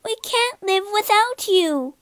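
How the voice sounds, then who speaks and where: Whiny, selfish storybook sisters, high and wailing, voiced by a woman. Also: sing-song, slow pace, no echo, heavily acted. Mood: whining. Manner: wailing, sulky. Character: two whining, selfish young sisters.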